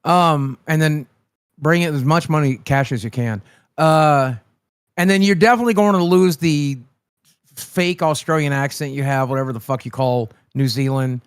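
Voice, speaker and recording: A brash American man hosting a loud livestream, swearing freely and teasing his guest. His voice sits high for a man, and the sound is dry and close with no room around it. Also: moderate pace, clear, resonant tone, no echo. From United States. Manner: brash, profane, mocking. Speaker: host.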